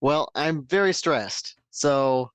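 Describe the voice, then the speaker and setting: A man playing a tabletop game who jokes about his character in an unhurried way. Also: on the high side, clean tone, no room sound. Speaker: player. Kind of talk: tabletop role-play.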